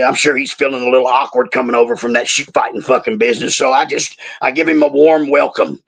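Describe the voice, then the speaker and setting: A man's voice: medium pitch, fairly even intonation, fairly quick, few pauses, fairly bright tone, rough recording. A man in his sixties telling profane, comic wrestling stories in a Southern-tinged Australian accent, laughing at his own jokes and playing mock-aggrieved. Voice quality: gravelly, husky. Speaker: wrestling podcast guest telling road stories. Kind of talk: profane comedic storytelling.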